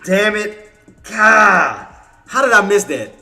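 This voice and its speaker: A bright, fairly high-voiced man talks through his trades on a live stream, venting his frustration in casual slang. He repeats himself and curses under his breath, with faint music underneath. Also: expressive, a little fast. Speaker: day trading livestream host. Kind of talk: live trading commentary.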